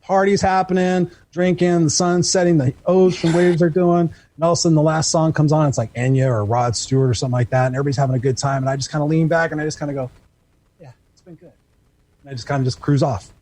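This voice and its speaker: A middle-aged man talks at a rapid clip in a husky, slightly breathy voice. He is a coach who tells stories with animated energy and drops into the voices of the people he quotes. His tone leans dark and mellow, a bit higher than most men. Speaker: coach and guest. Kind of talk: radio talk show interview.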